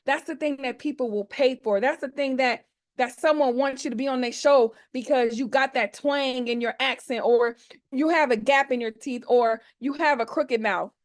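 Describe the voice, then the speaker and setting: A woman's voice: high-pitched, moderate pace. Playful, chatty woman hosting a video call. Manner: playful, chatty, slangy, hypes up the audience. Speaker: host of an online expo.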